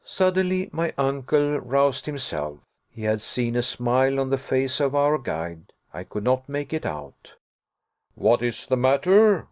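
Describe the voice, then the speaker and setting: Man narrating an audiobook, measured. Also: medium pitch, lively intonation, clean tone, no echo, studio quality. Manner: measured, formal reading.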